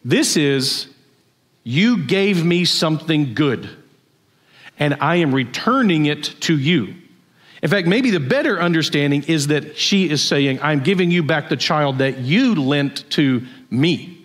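A man's voice: fairly high pitch, expressive, measured pace, fairly bright tone. A man preaching a conversational sermon, telling stories and asking the congregation questions. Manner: storytelling, conversational, asks the audience questions. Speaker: pastor.

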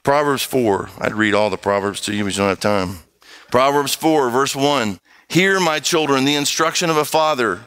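A man preaching a sermon, reading scripture and acting out voices and sounds, with wide swings in pitch. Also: normal speed, fairly bright tone, clean tone.

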